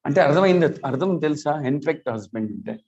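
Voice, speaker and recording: A man's voice: fairly high pitch, animated, racing, darkish tone. A man with an Indian accent giving a scripture class in a temple hall, telling a story and switching between languages. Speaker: lecturer. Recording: dull lo-fi recording.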